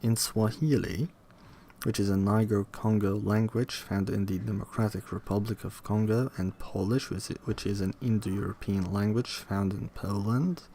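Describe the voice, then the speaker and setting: A young man reading a linguistics textbook aloud in a slow, halting way, pausing to repeat words to himself. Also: on the low side, steady tone, dark tone, a little hiss or hum. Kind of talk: casual read-aloud study session.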